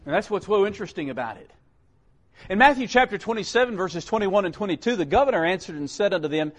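A man preaching a sermon, swinging from loud emphatic calls down to low, quiet lines. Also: expressive, fast.

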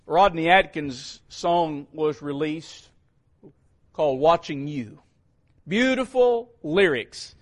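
Unhurried earnest man, slightly high voice. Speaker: speaker addressing parents. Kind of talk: sermon-style talk.

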